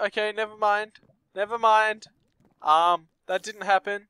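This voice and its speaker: A man's voice: high voice, fairly even intonation, a little slow, sharp tone, clear, resonant tone, dry recording. A young man commenting on a game, reading story text aloud with nervous asides and startled outbursts. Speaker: gameplay commentator.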